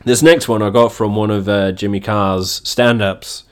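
A man's voice: fairly low pitch, fairly even intonation, normal speed. A young man hosting a casual comedy video, laughing through his sentences and swearing freely. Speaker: video host.

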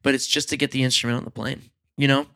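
A man's voice: mid-range voice, fast talker. A man, a touring musician, telling a story in casual chat, acting out both sides and laughing often. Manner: animated, acts out both sides of his story.

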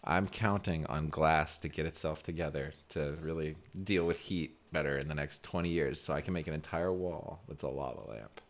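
A man's voice: a bass voice, normal speed, few pauses. A young man co-hosting a podcast, talking in a laid-back, slangy way and laughing often. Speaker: podcast co-host. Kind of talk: casual chat.

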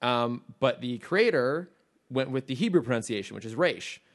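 A man's voice: mid-range voice, expressive, moderate pace. A man co-hosting a podcast in casual chat, talking enthusiastically and rambling with restarts and fillers. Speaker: podcast co-host.

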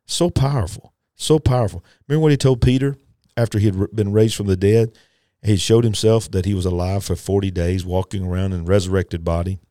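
A man's voice: fairly even intonation, brisk, warm tone, no echo, studio quality. A man preaching a sermon, emphatic and repetitive, talking folksy and straight to his listeners. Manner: emphatic, repetitive, rising to fervent pitch; folksy, addresses listeners directly.

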